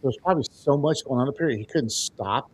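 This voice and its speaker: A man's voice: mid-range voice, fairly quick, husky. A man co-hosting a podcast in casual chat, reflective and affirming, chiming in with short agreements. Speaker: podcast co-host. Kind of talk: casual conversation.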